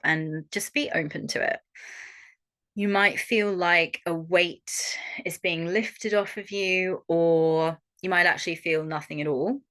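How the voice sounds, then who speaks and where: A young Australian woman coaching a workshop audience in a frank, animated way and swearing freely. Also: lowish voice. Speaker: holistic coach. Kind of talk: online workshop talk.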